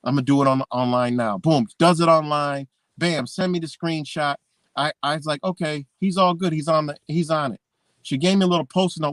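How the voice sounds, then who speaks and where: A man's voice: on the high side, fairly quick, a bit bright, no echo. A man hosting a live talk stream, ranting bluntly with heavy swearing and mimicking the people he quotes. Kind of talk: profane ranting monologue.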